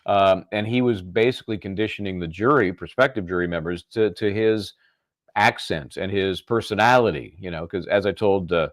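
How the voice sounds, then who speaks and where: A man's voice: low-pitched, moderate pace, dry recording. A man from California co-hosting a live legal show, commenting easily and chuckling as he thinks aloud. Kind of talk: casual chat about a trial.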